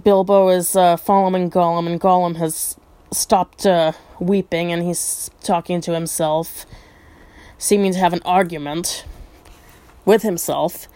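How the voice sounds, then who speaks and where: Woman retelling a story casually, lower voice, dry recording, lots of ums. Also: steady tone, a little slow, mellow, clear, resonant tone, dry recording. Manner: chatty, many ums and asides.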